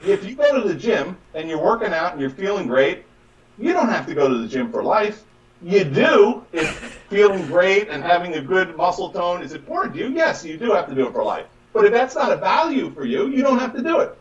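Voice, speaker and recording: A man talks business coaching with real emphasis, jumping into quick little voices for patients and doctors. His pitch sits a bit high and swings widely. He sounds set back from the mic, with a dull, muffled tone. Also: big pitch swings, distant mic. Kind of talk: animated conversational advice.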